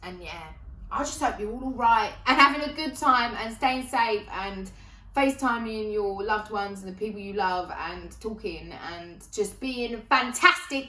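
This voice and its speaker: A woman performs a confessional comedy monologue from her sofa, candid and chatty with plenty of swearing. Her voice is bright and forward, picked up a little away from the mic in an echoey room. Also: a little high, distant mic. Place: at home on a sofa.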